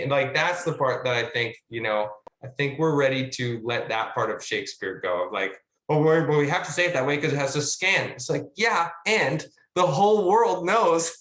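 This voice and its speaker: A man's voice: medium pitch, fairly bright tone. A man, a guest actor, chatting over a video call in a musing way, full of fillers and restarts. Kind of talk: casual webinar discussion. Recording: roomy echo.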